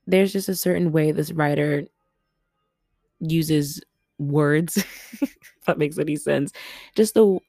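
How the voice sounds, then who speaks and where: A young woman from Los Angeles chats through her solo podcast at her family home. Her voice sits low, and she laughs often and breaks into loud exclamations. The sound is close and dry. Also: no room sound. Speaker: podcast host. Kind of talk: casual solo podcast chat.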